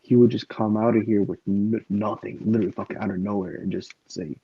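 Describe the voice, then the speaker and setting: A man's voice: fairly low pitch, steady tone, brisk, breathy edge, no room sound. A man hosting a casual podcast chat, rambling and swearing freely, with plenty of fillers. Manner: rambling and profane, stacked with fillers. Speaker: podcast host. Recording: dull lo-fi recording.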